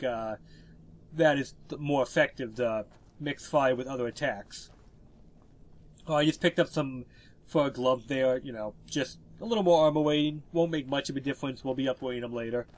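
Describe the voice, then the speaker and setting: A man with a stuffy, congested voice from a cold, chatting casually and explaining gameplay as he narrates a walkthrough. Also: medium pitch. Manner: chatty, explanatory, with filler words. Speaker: video game walkthrough narrator.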